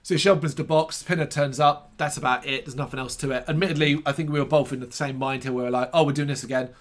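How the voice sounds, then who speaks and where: A man's voice: mid-range voice, steady tone, quick pace. A man co-hosting a casual film review podcast, sarcastic and swearing freely, with mocking asides. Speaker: podcast co-host.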